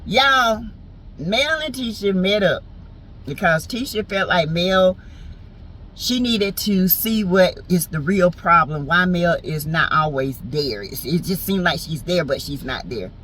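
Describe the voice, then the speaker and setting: A woman's voice: lowish voice, animated, a little slow, fairly bright tone, slight background noise, rough recording. A woman with a Southern US accent giving a sassy, teasing, slangy recap of a reality show in casual chat. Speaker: TV show reviewer.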